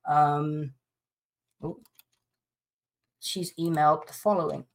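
A man's voice: on the high side, moderate pace. A man from the UK, a podcast guest who indignantly recounts a personal dispute and reads out emails aloud.

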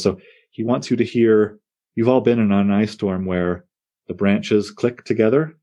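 Low-voiced man leading a poetry class. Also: unhurried. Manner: animated, digressive, self-interrupting. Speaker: poetry teacher. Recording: on air class broadcast.

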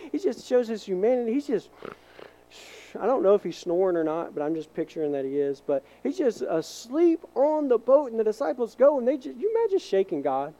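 A man preaching from the pulpit with a warm, mellow tone. His delivery is animated; he acts out voices in his stories and sometimes drops to a soft hush to stress a point. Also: high voice, brisk, gravelly, low-quality recording. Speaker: pastor. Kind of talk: sermon.

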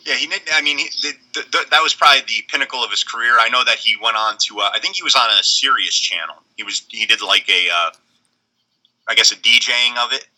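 Podcast co-host, middle-aged man, very bright tone, blunt and rambly. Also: mid-range voice, rough recording. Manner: rambling, blunt, halting restarts. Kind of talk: casual chat.

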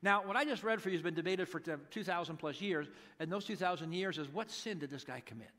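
A man's voice: high-pitched, quick pace, a bit bright. A man preaching a sermon as pastor, in a conversational way, acting out the people in the story. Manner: conversational, acts out quotes animatedly.

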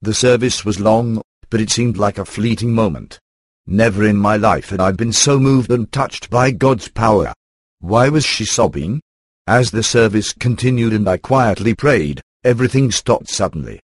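A man reading a first-person book aloud in an even, computer-rendered narration. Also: on the low side, normal speed, dry recording. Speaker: audiobook narrator.

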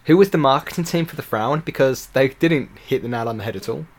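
A man's voice: mid-range voice, quick pace. A man chatting casually on a podcast, answering with dry, matter-of-fact quips. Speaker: podcast co-host. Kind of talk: casual comedic chat.

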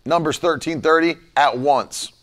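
A man's voice: a little high, unhurried, fairly bright tone. A man preaching a livestreamed sermon, fervently repeating lines with rising emphasis.

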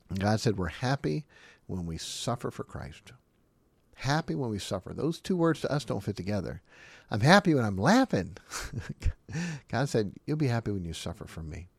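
Animated low-voiced male preacher. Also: vocal fry, dry recording. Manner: animated, emphatic, laughs often between points. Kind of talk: sermon teaching.

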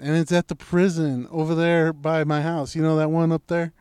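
A man's voice: on the high side, steady tone, normal speed, darkish tone, clean tone, no room sound. Man, casual storyteller, acts out his own lines, swears a lot, close and dry. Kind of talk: casual chat.

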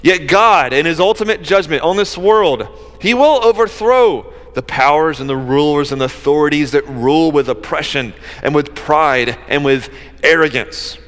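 An earnest male preacher with a slightly raised pitch, talking through his sermon in a conversational way with casual asides. His voice carries a long reverb, as in a large hall. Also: animated, moderate pace, a bit bright.

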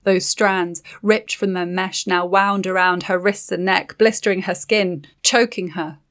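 A woman reading dark fantasy narration for an audiobook in a steady, dramatic manner. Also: lowish voice, a little slow.

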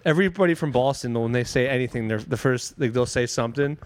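A man's voice: mid-range voice, quick pace, no echo. A man bantering casually on a podcast, loose and profane, from Pennsylvania. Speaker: podcast co-host. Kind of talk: casual chat.

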